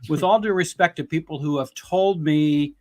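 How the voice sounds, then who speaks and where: A man's voice: a little high, moderate pace, a little mellow, dry recording. A man who is an attorney, giving blunt, emphatic criticism in a casual podcast discussion. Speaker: guest commentator, attorney.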